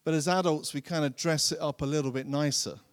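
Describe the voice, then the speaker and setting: A man preaching a sermon in an earnest way, repeating phrases for emphasis and slowing down to stress key lines. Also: fairly high pitch, steady tone, clear, resonant tone. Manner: slows and drops his voice to stress key lines. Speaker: pastor.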